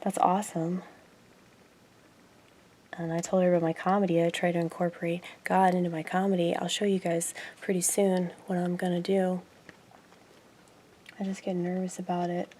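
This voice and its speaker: A woman chatting casually on her own video channel, rambling and laughing often, her voice swinging from loud asides to quiet murmurs. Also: on the low side, little pitch movement, moderate pace, long pauses, slight background noise. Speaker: YouTuber. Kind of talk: casual vlog chat.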